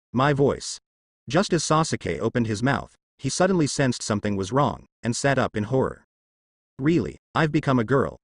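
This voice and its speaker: A man narrating a story in an even reading with stilted phrasing. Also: mid-range voice, no echo, studio quality.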